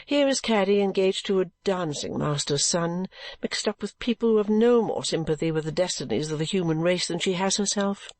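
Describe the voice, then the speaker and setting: A calm, complacent middle-aged mother, dismissive and absorbed in her own work, read by a woman. She speaks slightly low and even, in a dry, close storybook voice. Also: moderate pace, dry recording. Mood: serene dismissive.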